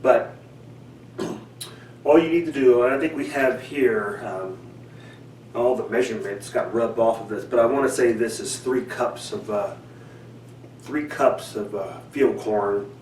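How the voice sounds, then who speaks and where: A man hosting a fishing how-to vlog from his home, rambling and halting with many ums and restarts. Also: medium pitch, darkish tone. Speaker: fishing channel host. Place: home indoors. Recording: echoey room, mic at a distance, faint hiss.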